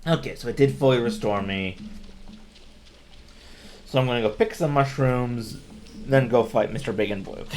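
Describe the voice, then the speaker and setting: A man's voice: mid-range voice, moderate pace, pauses often, darkish tone, slight background noise. A man giving casual let's-play commentary, thinking aloud and grumbling wryly at the game. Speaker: gameplay commentator.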